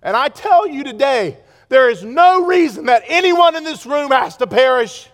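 Man preaching, high voice, fervent, loud then hushed, long hall reverb. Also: lively intonation, moderate pace. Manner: impassioned preaching, swings from loud urgency to hushed pleading. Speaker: pastor. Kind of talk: sermon. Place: church sanctuary.

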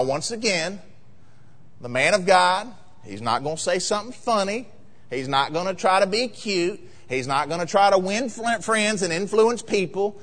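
A male pastor preaching a sermon, acting out voices and building to loud, emphatic peaks. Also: high-pitched. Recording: long hall reverb.

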